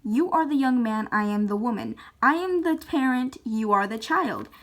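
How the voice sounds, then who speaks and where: A woman voicing a loud, bossy, teasing mother in a toy-figure video skit, with a squeaky, domineering, mocking manner. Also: lively intonation, normal speed, a little hiss or hum. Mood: scolding.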